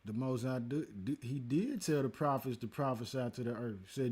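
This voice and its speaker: A man hosting a livestream who reads and answers his chat in a relaxed, casual way and teaches from scripture with growing emphasis. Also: mid-range voice, fairly quick, breathy edge. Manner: laid-back, talks to the chat, calls listeners man and y'all.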